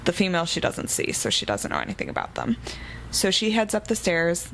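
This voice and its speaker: A woman's voice: fairly low pitch, sing-song, a little fast, a little hiss or hum, low-quality recording. A woman co-hosting a casual book podcast, recapping the plot eagerly. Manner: chatty, recapping the plot with enthusiasm. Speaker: podcast co-host.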